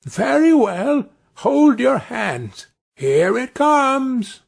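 A man's voice: sing-song, measured pace, creaky, breathy edge, exaggerated voice. Tom Thumb, a man voicing a tiny cheeky boy. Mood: bawling. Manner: high, bold and mischievous, calls out loudly.

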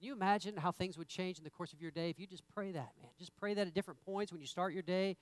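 Man preaching a sermon, conversational, repeats himself, builds to emphatic bursts; high, smooth voice. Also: fast, no room sound. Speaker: pastor. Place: church sanctuary.

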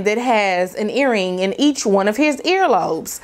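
A middle-aged woman vlogger casually telling a story from her teenage years to her viewers, slangy and animated. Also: mid-range voice, normal speed, hardly any pauses.

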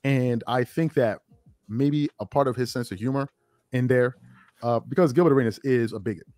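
A man's voice: mid-range voice, moderate pace, darkish tone, no room sound. A man delivering blunt, mocking opinion commentary, trading in joking insults. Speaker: online commentator.

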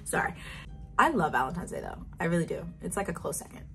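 A woman's voice: fairly low pitch, very animated, fast, gravelly, music in the background. An eighteen-year-old woman chatting casually in a get-to-know-me vlog, bubbly and wandering off on tangents. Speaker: vlogger.

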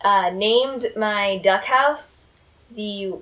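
A woman's voice: medium pitch, extremely slow, a bit bright. A woman co-hosting a family vlog, thanking other channels in a friendly, slightly hesitant way with many fillers. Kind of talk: casual chat.

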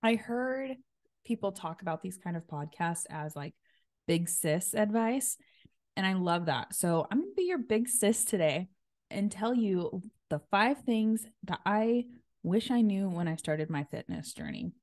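A woman's voice: medium pitch, animated, measured pace, darkish tone, no echo, clean studio sound. A woman in her thirties hosting a casual solo podcast, upbeat and chatty with lots of filler words, buzzing after a workout. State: energized after a workout class. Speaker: podcast host.

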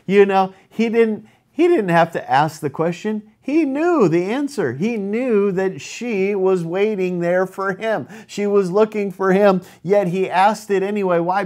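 Slow-talking, earnest male pastor preaching. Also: a little high, darkish tone. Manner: earnest, emphatic preaching with drawn-out words. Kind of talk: sermon with scripture reading.

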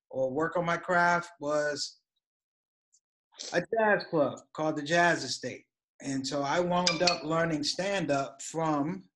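A man's voice: fairly high pitch, a bit bright. A middle-aged man teaching a comedy writing workshop in a conversational, engaging way. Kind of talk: workshop talk.

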